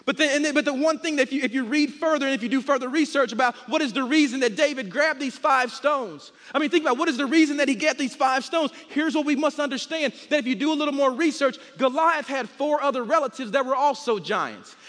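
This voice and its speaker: Man, guest pastor, sermon, emphatic, drawn-out words, high voice, big church hall, long reverb. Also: fairly bright tone. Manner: emphatic, stretches words out to make a point.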